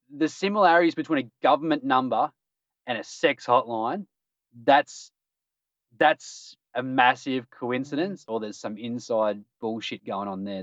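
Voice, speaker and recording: A podcast host runs a casual news roundup, cracking jokes and laughing at them himself. His mid-range voice is a bit bright, and the recording is dull, dry and lo-fi with no echo.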